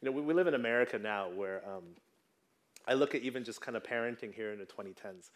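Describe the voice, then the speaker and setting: A man's voice: mid-range voice, quick pace. A man in his thirties preaching a sermon in a conversational way, often checking in with the congregation. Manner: conversational, tags lines with "right?". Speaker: pastor.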